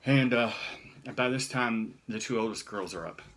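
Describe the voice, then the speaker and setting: A middle-aged man telling a personal story in a halting way, often restarting his sentences. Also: medium pitch, fairly bright tone.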